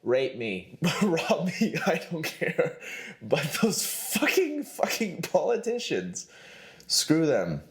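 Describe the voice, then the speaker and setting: A man's voice: on the high side, huge pitch swings, slow. A man hosting a podcast in a rambling comedic monologue, joking and laughing at himself. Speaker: podcast host.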